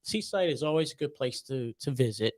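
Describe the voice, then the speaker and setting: A man's voice: medium pitch, expressive, fairly quick, a little mellow. A man appearing as a podcast guest, friendly and affirming in casual chat.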